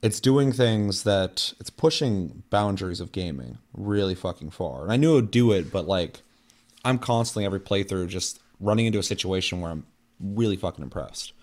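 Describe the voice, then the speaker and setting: A young man with a low, slightly mellow voice chats on a podcast at a moderate pace. He's animated, rambling and cursing through his stories with heaps of filler words.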